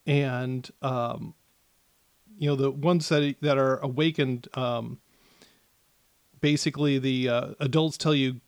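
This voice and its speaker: A man narrating as game master of a tabletop game, with many pauses and restarts. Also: medium pitch, steady tone, smooth, no room sound. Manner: hesitant, many fillers and restarts.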